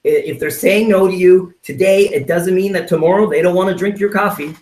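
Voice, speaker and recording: A man's voice: sits high, fairly quick. A man giving a motivational sales training talk, acting out little scenes and checking in with "right?" from his home office. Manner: animated, acts out little scenes, keeps asking "right?". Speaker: network marketing trainer. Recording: roomy sound, mic at a distance.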